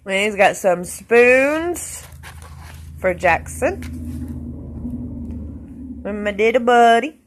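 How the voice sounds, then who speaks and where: Slow-talking woman, soft and fond. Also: on the high side, expressive, slight background noise. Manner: slow, soft-spoken and affectionate, trailing off. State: tearful. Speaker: vlogger. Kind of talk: casual unboxing vlog.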